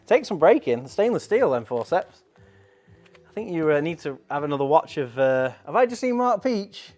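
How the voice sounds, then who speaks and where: A man's voice: a little high, big pitch swings, moderate pace, a little mellow, faint music behind. A man hosting a casual live stream, chatting in a rambling way and reading out viewer comments.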